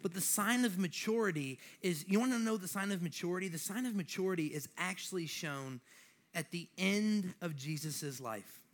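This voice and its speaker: A man's voice: sits high, animated, moderate pace. A young man preaching a sermon with a slight lisp, joking and conversational at times, then building to emphatic exhortation.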